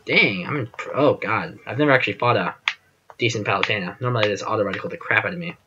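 Bright-voiced man rambling over gameplay. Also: fairly low pitch, animated, fairly quick, lo-fi sound, slight background noise. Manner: rambling, chatty, self-deprecating, trails off with fillers. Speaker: gaming channel host. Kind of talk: casual gameplay commentary.

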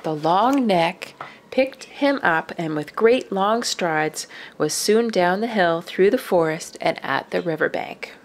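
A woman's voice: on the low side, takes it slowly. Woman reading a children's picture book aloud. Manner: expressive, drops to whispers for suspense. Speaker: storyteller.

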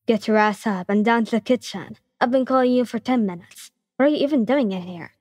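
A woman voicing an impatient mother who nags briskly, with a breathy voice. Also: a little high, a little mellow, dry recording, clean studio sound, lightly acted. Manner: nagging, brisk.

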